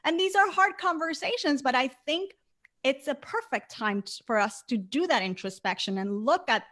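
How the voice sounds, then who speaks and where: A woman's voice: sits high, animated, normal speed, fairly bright tone. A woman speaking as a guest in a conversational interview, earnest and emphatic, repeating words for stress.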